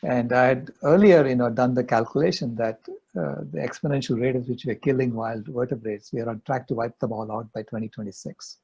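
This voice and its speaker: A man's voice: medium pitch, a little fast, gravelly, a little mellow, breathy edge. An older man, a guest in an interview, earnestly telling a personal story. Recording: dull lo-fi audio.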